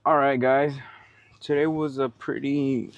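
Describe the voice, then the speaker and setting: A man's voice: mid-range voice, level tone, measured pace, muffled recording, slight background noise. A man who drives trucks, chatting casually for his vlog in a laid-back, slangy, rambling way while out at a truck yard.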